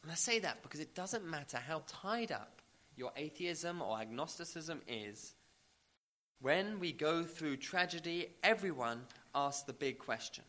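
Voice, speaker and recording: Male preacher, bright slightly high voice, emphatic sermon delivery, some hesitant fillers. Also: expressive, a little slow. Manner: emphatic, builds with rising repeated questions.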